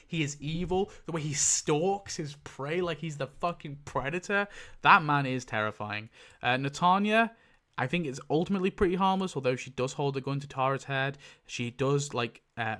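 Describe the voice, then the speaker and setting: A man giving casual, rambling commentary, correcting himself often, swearing freely and jumping up in pitch for emphasis. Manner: animated pitch jumps for emphasis. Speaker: YouTube tier-list ranker.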